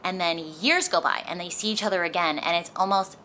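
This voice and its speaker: With a lowish, pushed, bright voice and a brisk delivery, this young book vlogger chats through a casual review and leans hard on "like." Faint traffic noise comes from an open window behind her.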